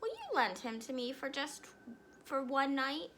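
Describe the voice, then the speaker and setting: Lady doing a smart little girl, eager and bouncy, bright tone. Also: sits high, huge pitch swings, unhurried, slight background noise, pitched above the performer's own voice, full character voice. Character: clever determined little girl.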